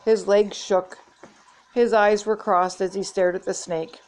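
An older woman reading a children's chapter book aloud in a gentle, measured way. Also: mid-range voice, fairly even intonation. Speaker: storybook reader.

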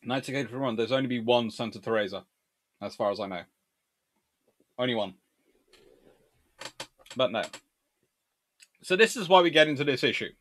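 A man hosting a live-stream history talk, reading out chat questions and answering with animated asides. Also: medium pitch. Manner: animated, quick asides and laughs. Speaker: naval historian host.

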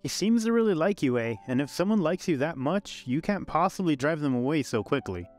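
A man's voice: fairly high pitch, very animated, a little fast, faint music behind. A man voicing a frank, teasing young woman friend in a storybook narration.

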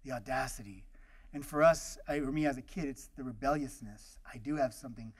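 A man's voice: mid-range voice, fairly quick, breathy edge. A middle-aged man giving a guest lecture, telling personal stories in a loose, anecdotal way with many fillers and acted-out voices. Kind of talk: storytelling lecture.

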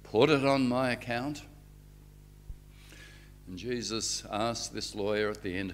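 A man's voice: on the low side, normal speed, slight background noise. A man, a reverend giving a public lecture with stories and rhetorical questions. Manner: lively storyteller, rhetorical questions.

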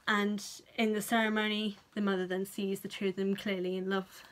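Young British woman, vlogger, casual and chatty film rundown, animated, mid-pitched, swears freely. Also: fairly quick, few pauses. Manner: chatty and animated, swears freely, playfully acts out characters' reactions.

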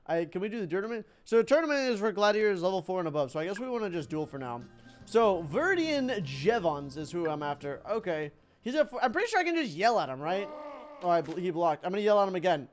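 A young man giving excitable let's-play commentary, thinking aloud and laughing as he plays. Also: sits high, fast, faint music behind. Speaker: gaming YouTuber.

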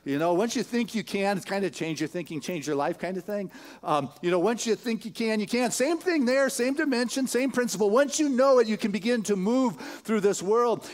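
Man, slightly high voice, spiritual leader preaching casually and building to emphatic repeated phrases. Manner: animated storytelling, building emphatic repetitions; casual, filler-heavy delivery with chuckles. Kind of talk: sermon retelling a film. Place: church sanctuary.

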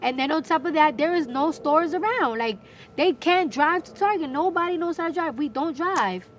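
A young woman with a New York accent, chatting as an interview guest, emphatic and animated, with quick bursts of slang. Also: high voice, a little hiss or hum. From New York City. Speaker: interview guest, recording artist. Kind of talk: casual interview chat.

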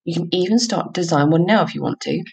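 A woman presenting a children's lesson, giving instructions in an encouraging way, with a husky, gravelly voice. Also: on the low side, quick pace, darkish tone, rough recording. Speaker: outdoor learning presenter.

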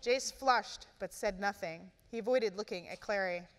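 A woman author reading her novel aloud at a live event, with steady, expressive narration. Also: mid-range voice, moderate pace. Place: event hall. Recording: echoey hall, live event.

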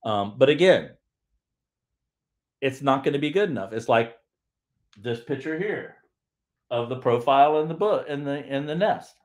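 Male livestream host, mid-pitched voice, loose and rambling delivery with frequent restarts. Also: expressive, normal speed, pauses often. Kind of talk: casual livestream talk.

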